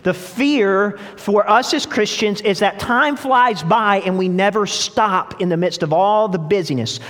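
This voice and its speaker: High-voiced young pastor in a reverberant church. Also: male voice, unhurried, a bit bright. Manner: conversational, storytelling, frequent restarts. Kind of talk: sermon. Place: church sanctuary. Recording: long hall reverb.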